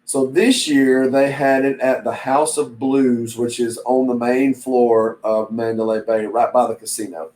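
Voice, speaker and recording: A man's voice: medium pitch, little pitch movement, a little slow, hardly any pauses, darkish tone, rough recording. A man hosting a reselling channel, chatting casually and rambling while he reads viewer comments aloud. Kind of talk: casual live-stream chat.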